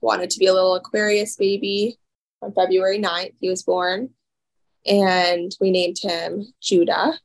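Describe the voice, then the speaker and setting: A woman's voice: mid-range voice, little pitch movement. A young woman speaks as a podcast guest, telling an emotional story. Her phrases rush and loop back, packed with filler words and quoted asides as she relives each moment. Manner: talks in rushed, looping phrases with many "like"s and acted-out quotes.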